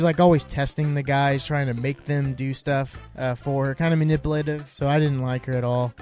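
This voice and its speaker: A podcast host rambles through a recap in a fairly high, slightly mellow voice, joking casually as he goes. He often restarts sentences and fills pauses with "uh," while faint music plays beneath him.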